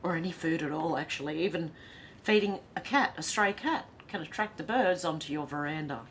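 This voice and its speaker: A woman's voice: sits low, brisk, a little hiss or hum. A woman with an Australian accent hosting a casual livestream, reading viewer comments aloud and chatting with a laugh. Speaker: livestream host reading chat. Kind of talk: casual chat.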